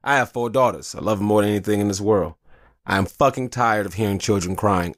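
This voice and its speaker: A man's voice: lowish voice, brisk, no room sound, studio quality. A man in his thirties hosting a podcast, ranting casually and profanely about fatherhood. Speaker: podcast host.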